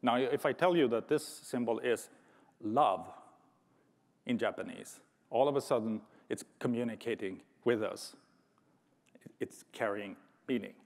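With a gravelly mid-range voice and a measured pace, a conference speaker pauses often during his thoughtful, lightly humorous talk, frequently restarting sentences. The large hall makes the recording reverberant.

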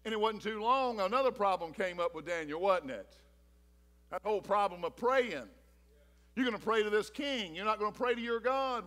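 Guy preaching, high voice, gets animated doing bible characters' lines. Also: moderate pace. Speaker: pastor. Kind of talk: sermon.

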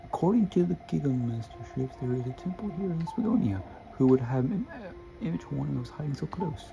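A man's voice: a little high, animated, a little fast, vocal fry, dull audio, voice pushed up. A young man voicing a pompous old male professor while reading cutscene lines aloud. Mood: grand.

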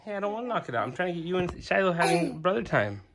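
A young mother eggs her children on in a playful, coaxing home video. Her pitch sits low but swoops wildly up and down. A faint hiss sits under her voice from the phone mic. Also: sing-song, racing. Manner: playful, coaxing, sing-song egging on. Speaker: parent filming her kids. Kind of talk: casual home video chat. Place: living room at home.

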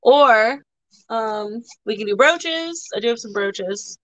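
A woman's voice: on the high side, expressive, takes it slowly, no room sound, rough recording. A young woman chatting casually while selling items on a live stream, teasing viewers and rambling, a bit tired. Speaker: live auction seller.

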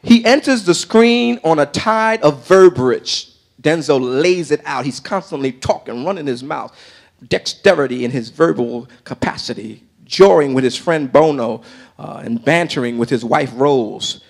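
An older man preaching a sermon as pastor of his church, calling to the congregation and swinging between shouted bursts and quieter asides. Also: a little high, expressive, unhurried, vocal fry. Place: church sanctuary.

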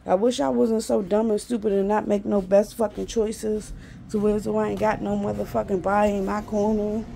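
A woman's voice: mid-range voice, flat delivery, moderate pace, vocal fry, dark tone, slight background noise. A woman in her forties venting to camera in a profane, exasperated rant, repeating herself. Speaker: vlogger.

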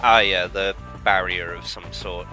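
A man's voice: low-pitched, steady tone, unhurried. Man explaining things in casual chat. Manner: chatty, explains things matter-of-factly. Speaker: co-commentator guest. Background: game music.

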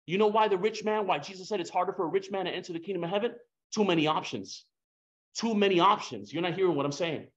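A man preaching a sermon with emotion, repeating his phrases for emphasis and slipping into casual slang. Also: high voice. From Hispanic background. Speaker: pastor. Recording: dull lo-fi sound.

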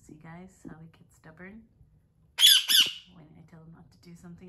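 A woman filming her pet parrots at home, scolding them loudly and then explaining to viewers in hushed asides. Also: lowish voice, little pitch movement, moderate pace, long pauses. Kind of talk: casual vlog narration. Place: home indoors. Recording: noisy home recording with squawking parrots. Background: parrot squawks.

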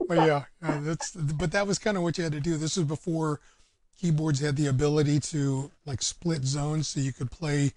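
A man's voice: a little high, steady tone, normal speed, a little mellow, no room sound. A man, a guest musician talking in an easygoing, rambling way with lots of fillers. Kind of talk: casual interview chat.

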